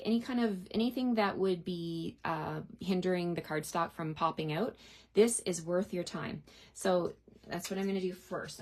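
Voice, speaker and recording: A middle-aged woman demonstrating card-making in a live tutorial, explaining each step in a chatty way and answering viewer questions. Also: on the low side. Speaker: craft demonstrator.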